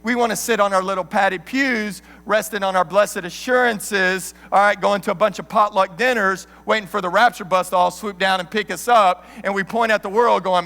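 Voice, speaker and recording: A man in his thirties preaching a sermon as an animated, joking storyteller. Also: sits high, moderate pace, few pauses. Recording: long hall reverb.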